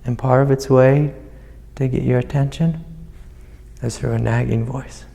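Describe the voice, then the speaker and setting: A man with a gravelly, mellow voice guides a student as a spiritual teacher. He speaks gently and soothingly, with a long reverb from the hall around him. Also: mid-range voice, fairly even intonation, unhurried. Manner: gentle, soothing, calls the listener sweetie. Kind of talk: satsang guidance to a student.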